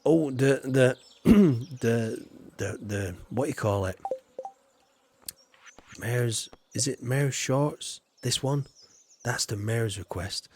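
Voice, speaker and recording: Husky, chatty game streamer. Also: male voice, medium pitch, animated, slow, a little mellow. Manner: chatty, rambling, cheeky asides. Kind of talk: casual gameplay commentary.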